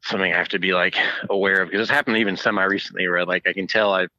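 A man's voice: low-pitched, fairly even intonation, very fast, bright, forceful tone, dry recording, lo-fi sound. A man who plays in a band, a podcast guest telling stories in a dry, sarcastic way. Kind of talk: casual interview chat.

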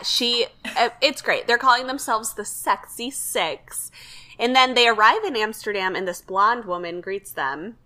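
A young woman co-hosting a podcast, her tone bright and lively as she summarizes episodes plainly. She adds dry little asides in a casual chat. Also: mid-range voice. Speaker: podcast co-host. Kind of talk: casual chat recapping a TV show.

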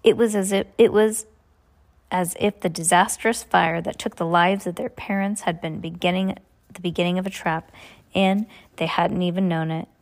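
A woman's voice: on the low side, fairly even intonation, normal speed. A woman reading a novel aloud, often stumbling and restarting her sentences. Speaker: reader.

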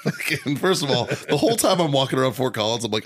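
Co-hosting a casual podcast, a man tells a heated, profanity-filled story, ranting and laughing as he goes. His mid-range voice is sing-song and fast, with a little hiss or hum on the audio.

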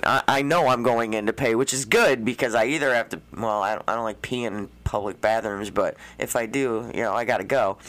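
A woman co-hosting a podcast in casual chat, telling stories in an animated, profane way with frequent laughter. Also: very deep voice. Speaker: podcast co-host.

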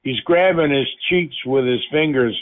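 Rambling guy telling stories over the phone, kinda high voice, tinny line. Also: moderate pace. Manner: chatty storyteller, rambling with fillers. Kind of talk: casual phone chat. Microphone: phone call.

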